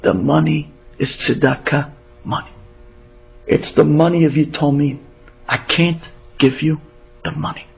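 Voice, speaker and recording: A man drops his voice into a dying, gentle old rabbi who speaks in slow, quiet, tender words. His voice sits much lower than the storyteller's own. The recording sounds dull. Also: steady tone, vocal fry, husky, soft background music, heavily acted. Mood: steadfast.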